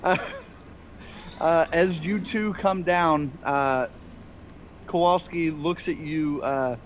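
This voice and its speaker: A man's voice: fairly high pitch, slow, slight background noise. A man narrating as game master of a tabletop game, loose and chuckling, full of fillers.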